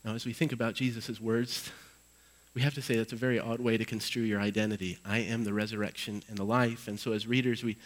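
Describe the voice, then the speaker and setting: A male pastor giving an Easter sermon in a church, swinging between loud emphatic passages and hushed low ones as he reads scripture with dramatic weight. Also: flat delivery, fast talker, rough recording.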